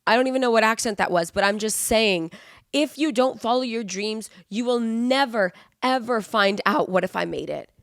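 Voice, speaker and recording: In a casual solo podcast monologue, a woman in her 20s with the flu gives rambling, heartfelt motivational advice stuffed with fillers. She speaks at normal speed in a fairly high voice, recorded dry with clean studio sound.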